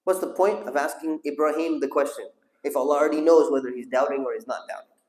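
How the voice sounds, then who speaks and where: A man's voice: on the high side, steady tone, fast talker, a little mellow. Man teaching a class in an echoey hall. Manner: asks the audience questions and calls on listeners. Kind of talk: storytelling religious lesson with audience questions. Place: mosque hall.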